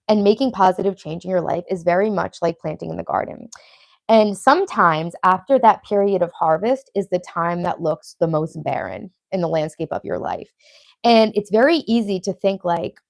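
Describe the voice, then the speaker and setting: A woman's voice: on the low side, a little fast, creaky, a little mellow, no echo. A woman in her late thirties with a Long Island accent, hosting a casual live stream, chatty and profane as she reads out viewer comments. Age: 30s. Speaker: livestream host.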